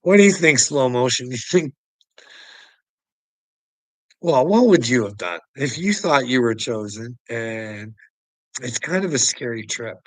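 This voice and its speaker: A man's voice: medium pitch, animated, a little slow, long pauses, dry recording, poor audio. A man hosting a casual livestream, ranting profanely and rambling, laughing often as he talks. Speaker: livestream host.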